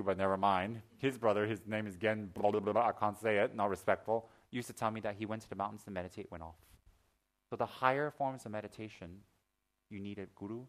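A man teaching as a Buddhist teacher in a Dharma talk, mixing teaching with lively personal stories, joking asides and acted-out gasps. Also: on the low side. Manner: lively storyteller, acts out gasps and shouts.

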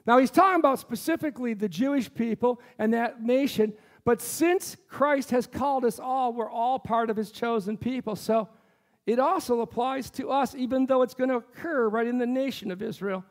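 A male pastor whose voice is notably high speaks at normal speed through an impassioned sermon in a church sanctuary. He turns to the congregation with frequent questions, insisting on his point.

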